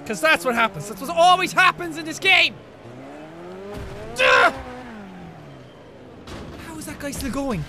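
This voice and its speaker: A young man giving loud, excitable gameplay commentary with frequent shouting outbursts. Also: very high voice, fast talker, hardly any pauses, slight background noise. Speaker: gaming video host. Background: game music.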